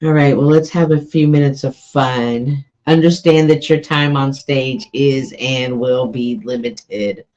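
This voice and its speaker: A man's voice: mid-range voice, steady tone, measured pace, hardly any pauses, a little mellow, muffled recording. A man hosting a casual live stream, rambling in an upbeat way and teasing his guests.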